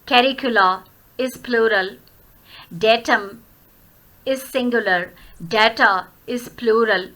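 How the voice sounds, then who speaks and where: A woman teaching a grammar lesson, explaining words one by one in a slow, deliberate way. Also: on the high side, bright, forceful tone. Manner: slow, deliberate word-by-word explaining, switching into Hindi. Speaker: English teacher.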